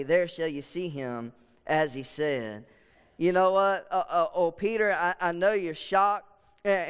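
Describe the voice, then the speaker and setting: A man's voice: high voice, a bit bright, clear, resonant tone. A man preaching a sermon, building in fervor and repeating his points. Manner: preaching with rising fervor and repetition. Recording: long hall reverb.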